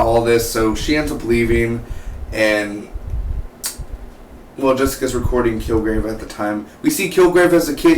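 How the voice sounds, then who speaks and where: Rambling man recapping a TV episode. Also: medium pitch. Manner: rambling, animated, acts out characters' lines. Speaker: TV reviewer. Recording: roomy, distant from the mic, faint noise.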